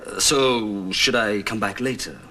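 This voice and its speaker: An actor playing a charming, courteous French family friend with a French accent in a sitcom. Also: male voice, on the low side, measured pace, pushed and bright, slight background noise. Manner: suave, courteous. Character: charming handsome French man, middle-aged. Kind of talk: sitcom acting.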